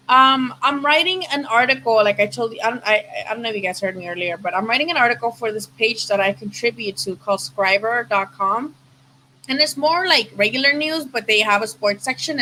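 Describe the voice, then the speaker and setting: A woman in her twenties hosting a casual boxing livestream, animated and swearing freely as she thinks aloud. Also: fairly high pitch, a little hiss or hum, poor audio. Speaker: boxing show host.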